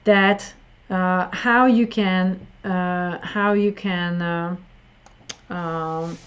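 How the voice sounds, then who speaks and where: Woman teaching english online, slow careful explaining, a bit dull lo-fi sound. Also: lowish voice, steady tone, clear, resonant tone. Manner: slow, explaining, repeats words for emphasis. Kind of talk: online listening lesson.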